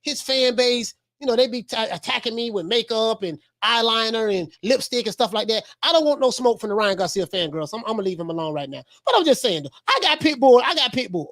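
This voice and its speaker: Lively, animated woman streamer. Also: fairly high pitch, fast, hardly any pauses. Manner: animated, repeats phrases, laughs often. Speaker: livestream boxing commentator. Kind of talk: casual livestream commentary.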